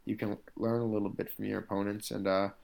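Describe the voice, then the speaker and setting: An MMA fighter appearing as an interview guest tells stories from his career in casual conversation. His fairly low, a little mellow voice is flat and fast with vocal fry, and he rambles loosely, full of "like" and "you know".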